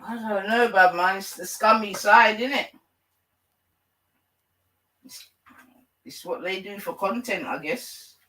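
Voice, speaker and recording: A man's voice: high voice, slow, pauses often, sharp tone, distant mic, low-quality recording. A man hosting a casual livestream, rambling through slangy gossip. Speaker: livestream host.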